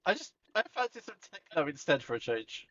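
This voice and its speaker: A man's voice: on the high side, big pitch swings, a little fast, a bit bright, dry recording, highs cut off. A man running a tabletop game as game master, laughing often and stumbling a little as he reads his narration.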